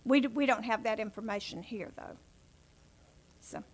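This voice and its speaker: A woman's voice: on the high side, moderate pace, husky. A woman chairing a city planning commission meeting in council chambers, speaking in polite, formal procedural phrasing.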